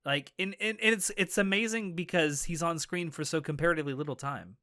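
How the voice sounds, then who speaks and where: Man, podcast co-host, casual anime chat, bright voice, dry close sound. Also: on the high side, brisk, no room sound. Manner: enthusiastic, rambling with restarts.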